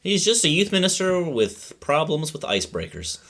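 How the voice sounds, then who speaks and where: A man's voice: fairly high pitch, big pitch swings, normal speed, fairly bright tone. A man co-hosting a gaming podcast, goofing around with mock bravado in casual chat. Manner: goofy, laughing bravado. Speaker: podcast co-host. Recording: noisy mic, audible hiss.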